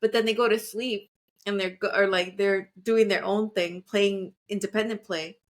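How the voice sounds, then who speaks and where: A woman's voice: medium pitch, steady tone, moderate pace. A woman co-hosting a podcast in casual chat, talking in a reflective, rambling way with many fillers. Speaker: podcast co-host.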